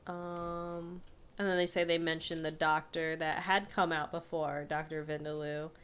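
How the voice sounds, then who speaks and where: A woman's voice: sits low, little pitch movement, measured pace, a bit bright, a little hiss or hum. Laughing woman reading cartoon trivia. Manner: laughs often, reads trivia aloud. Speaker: podcast co-host. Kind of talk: casual chat about a cartoon, reading trivia.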